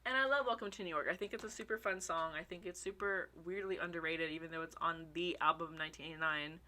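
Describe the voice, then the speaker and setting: Bright, excitable young woman. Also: on the low side, fast. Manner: excitable, swears freely, laughs often; talks to her viewers as y'all. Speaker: vlogger. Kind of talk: casual chat.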